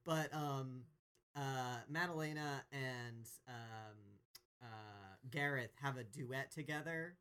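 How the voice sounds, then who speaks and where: A podcast co-host recapping a TV episode casually, often pausing and hesitating while searching for words. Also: mid-range voice, fairly bright tone, clear, resonant tone.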